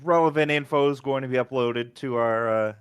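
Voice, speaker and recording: Brief: easygoing male player, smooth resonant voice, dry close sound. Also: medium pitch, fairly even intonation, a little fast, no echo. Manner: easygoing, laughs often. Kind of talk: casual tabletop role-play.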